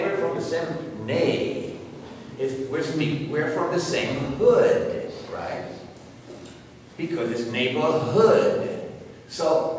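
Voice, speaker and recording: A man's voice: mid-range voice, a little hiss or hum. A man giving a university lecture, explaining points emphatically with examples. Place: large lecture hall. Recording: echoey hall recorded from far off.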